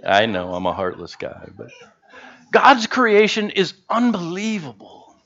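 A man delivers a sermon in a slightly high voice that swoops lively up and down. His delivery is chatty and humorous as he teases the congregation. The sound is dull and lo-fi. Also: a little slow. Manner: humorous, conversational, animated. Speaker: pastor. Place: church service.

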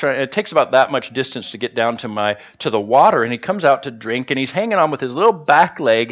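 A man's voice: on the high side, dull audio. A man preaching a sermon to his congregation in a casual, conversational way, joking with them as he goes. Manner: humorous, conversational, animated. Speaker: pastor. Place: church service.

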